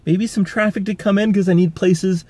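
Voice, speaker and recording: Walking a city street in the rain, a vlogger rambles cheerfully to camera and laughs often in casual chat. His high-pitched voice is mellow and steady at a moderate pace, with no room sound.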